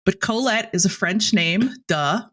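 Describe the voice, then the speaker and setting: A woman in her thirties co-hosting a casual podcast chat. Her voice sits at an average pitch, and she laughs easily and pokes fun at herself in an animated way. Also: unhurried. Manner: giggly, animated, self-mocking. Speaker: podcast co-host.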